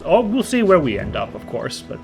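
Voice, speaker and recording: A man's voice: fairly high pitch, sing-song, a little fast, darkish tone. A man hosting a video game let's play, chatting in a rambling, upbeat way. His voice is a touch stuffy and nasal from a cold. Faint game music sits underneath. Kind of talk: casual gameplay commentary.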